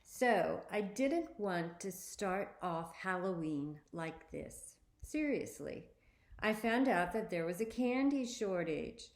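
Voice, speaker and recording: A woman reading a children's spooky story aloud, expressively, often lifting her pitch for emphasis. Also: lively intonation, takes it slowly, reverberant. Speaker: story reader.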